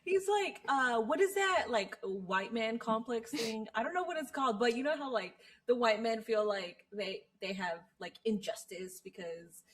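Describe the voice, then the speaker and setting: Animated woman podcast co-host. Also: a little high, normal speed, hardly any pauses. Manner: animated, swears freely, laughs often. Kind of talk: casual chat.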